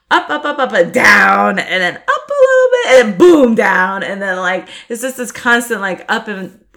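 A woman's voice: fairly low pitch, a bit bright. A woman hosting her own podcast, talking casually and rambling, with many fillers and restarts. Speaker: podcast host. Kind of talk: casual solo podcast talk.

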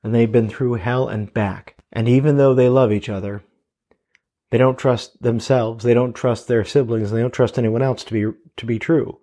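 A man's voice: mid-range voice, fairly even intonation, normal speed, mellow. A man in his thirties, a father, earnestly giving parenting advice and retelling talks with his kids. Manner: earnest, storytelling with quoted dialogue. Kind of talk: casual advice talk.

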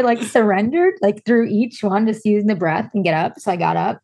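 A woman in her thirties, a podcast guest, telling a personal story in a lively way with frequent laughter. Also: medium pitch, brisk, gravelly, husky. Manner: animated storyteller who laughs often. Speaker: podcast guest, breathwork facilitator and spiritual coach. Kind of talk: casual storytelling interview.

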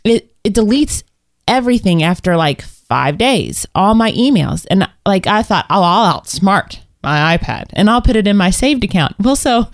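A woman's voice: mid-range voice, sing-song, moderate pace, dry recording, studio quality. A woman in her thirties co-hosting a podcast, chatty and rambling, often restarting her sentences and poking fun at herself. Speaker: podcast co-host. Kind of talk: casual chat.

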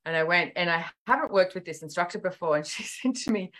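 Speaking at a quick pace in a fairly low voice, this author chats as a guest on a laid-back podcast. Her stories are animated, she performs the quoted dialogue, and "like" and "you know" fill her speech often.

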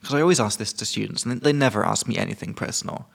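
A man's voice: lowish voice, rapid-fire, vocal fry. A man hosting a casual podcast, teaching vocabulary with jokes and casual swearing. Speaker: podcast host and English teacher.

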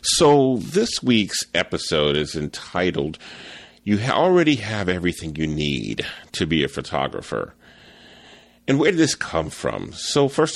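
Deep gravelly man hosting a podcast. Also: a bit bright. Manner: rambling, repeats words and restarts, acts out quoted people. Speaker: podcast host, photography teacher. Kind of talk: casual solo podcast talk.

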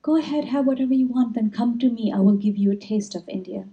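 A woman voicing a proud, generous shopkeeper who makes sweets, warmly pressing his guests to eat. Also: on the high side, fast, highs cut off, close to an everyday voice. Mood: welcoming. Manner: warm, insistent, hospitable. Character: generous, proud old sweet-maker man.

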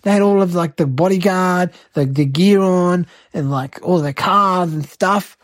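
Lower-pitched and close to an everyday voice, this woman plays an excitable eight-year-old boy hosting a comic monologue of tall tales. She speaks at a measured pace with no echo, rambling and breathless as she exaggerates like a child.

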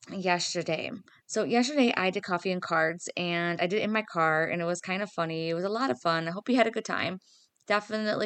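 A woman's voice: on the low side, fairly bright tone, no echo. A woman hosting her own spiritual podcast as a psychic medium, talking casually in a chatty, upbeat, self-deprecating way. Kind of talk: casual solo podcast talk.

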